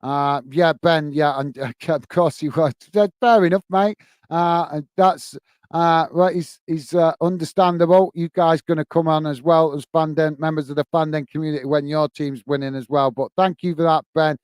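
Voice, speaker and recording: A man hosting a live stream, reading viewers' comments in a hurried, chummy way full of fillers, calling everyone mate. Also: on the high side, fairly even intonation, darkish tone, clean tone, no room sound. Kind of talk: casual live-stream chat.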